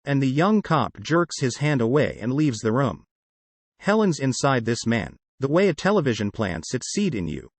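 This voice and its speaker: Man narrating an audiobook, lively pitch. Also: moderate pace, no room sound. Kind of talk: first-person novel narration.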